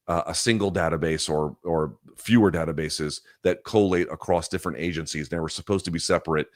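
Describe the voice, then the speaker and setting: A very low-voiced man hosts a live chat stream, reading viewer questions and launching into heated, profane rants. He talks loosely, with fillers and restarts, into a close mic with a dry, dead sound. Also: no echo. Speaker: live chat show host. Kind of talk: casual livestream chat answering viewer questions.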